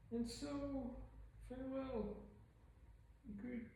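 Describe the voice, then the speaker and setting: A woman doing a playful impression of a small, wise old alien master who speaks slowly in cryptic, back-to-front riddles. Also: high-pitched, fairly even intonation, gravelly, warm tone, slight background noise, pitched above the performer's own voice, heavily acted. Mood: solemn. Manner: slow, riddling, inverted phrasing. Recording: echoey room, mic at a distance.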